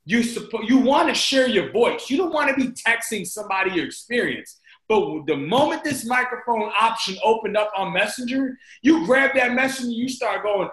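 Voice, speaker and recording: A man giving an energetic, repetitive motivational team training talk on a group video call, often calling his listeners "guys". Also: very high-pitched, normal speed, roomy sound, rough recording.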